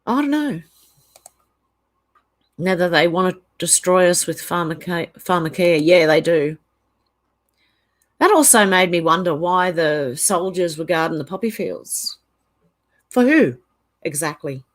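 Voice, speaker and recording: A woman's voice: fairly low pitch, lively intonation, measured pace, pauses often. An Australian woman hosting a casual livestream, reading viewer comments aloud and rambling through her reactions. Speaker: channel host.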